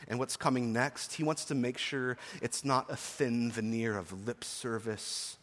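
A pastor in his forties preaching an earnest, emphatic sermon to his church, with chatty personal asides. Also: fairly low pitch. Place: church sanctuary. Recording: long reverb of a church hall.

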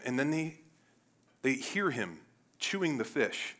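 A man from Cleveland preaching a sermon in a casual, animated way, moving between loud bursts and quiet asides. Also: mid-range voice, takes it slowly. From Cleveland, United States. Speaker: pastor.

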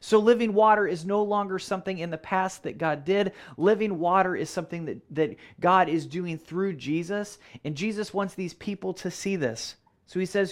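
Earnest male preacher, fairly high voice. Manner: earnest, repeats phrases for emphasis, slows to stress key words. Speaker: pastor. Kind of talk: sermon.

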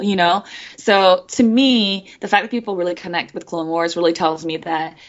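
A bubbly woman chats through a slightly muffled remote call line, with a voice of middling pitch. She giggles often and jumps into playful impressions of the people she quotes. Her talk is loose and animated. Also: fairly quick. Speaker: guest voice actress. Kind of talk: casual interview chat.

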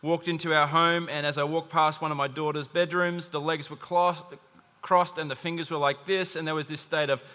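A man's voice: a little high, level tone, a little fast, bright, forceful tone. A man preaching a sermon to a congregation, conversational, with asides and humor. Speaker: pastor. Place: church hall. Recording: long hall reverb.

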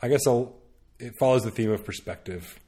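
A man's voice: mid-range voice, a little fast, mellow, husky. A man chatting casually on a podcast, rambling with lots of fillers and restarts, laughing now and then. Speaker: podcast guest recommending media. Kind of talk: casual chat.

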